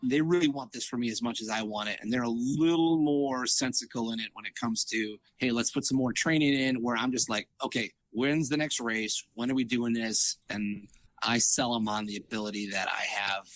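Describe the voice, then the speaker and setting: A man's voice: mid-range voice, normal speed, no room sound. A man talking in a casual interview, voice in the middle of the usual male range. He tells his stories with energy, acting out what others said and tripping over restarts. The sound is dry and close. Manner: animated, acts out quoted dialogue, frequent fillers and restarts. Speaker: triathlete guest.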